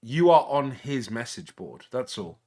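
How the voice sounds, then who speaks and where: A man's voice: medium pitch, sing-song, a little slow, mellow. A man in casual chat, ranting heatedly, stammering and swearing.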